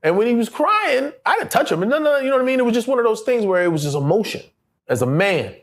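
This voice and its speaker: A middle-aged man talks through a casual interview, loose and profane, and keeps breaking into the voices of the people in his stories. His voice sits high for a man and leaps up and down with a lot of life. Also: quick pace. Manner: animated, profane, acts out voices in quotes, laughs often. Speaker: actor, interview guest.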